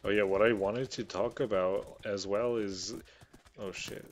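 Low-voiced excitable gamer man. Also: unhurried, slight background noise. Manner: chatty, excitable, swears casually. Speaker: gaming YouTuber. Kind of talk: casual gameplay commentary.

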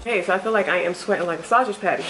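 A woman's voice: fairly low pitch, racing, fairly bright tone. Mom vlogging casually, talks on and on, music playing behind her. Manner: chatty, rambling, uses y'all. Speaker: family vlogger, mother. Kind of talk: casual vlog chat.

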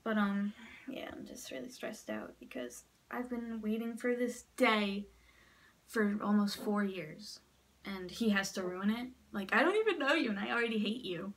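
Une femme qui se confie à sa caméra chez elle, bouleversée et au bord des larmes, qui jure et parle souvent à voix presque chuchotée. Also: female voice, medium pitch, animated, measured pace, far from the mic. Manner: upset, rambling and swearing, often dropping to a near whisper. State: close to tears. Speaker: vlogger. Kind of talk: casual vlog talk to camera. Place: at home in front of a mirror.

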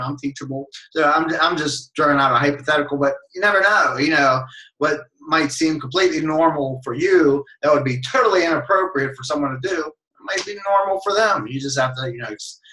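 A man's voice: a little high, rough recording. A man on a team call telling a story casually, acting out quotes and laughing along. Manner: animated, acts out quoted voices, laughs along.

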